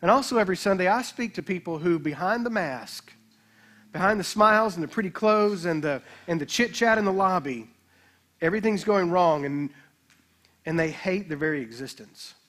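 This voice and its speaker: A man pastor preaching a sermon, emphatic, with slow dramatic scripture readings. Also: sits high, animated, fairly bright tone.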